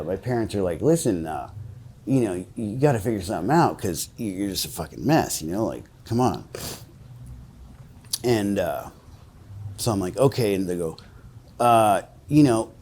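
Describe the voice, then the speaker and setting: This man's voice is on the low side and darkish. In his forties and caught for a street interview, he casually spins a profane, meandering story, imitating the other people in it.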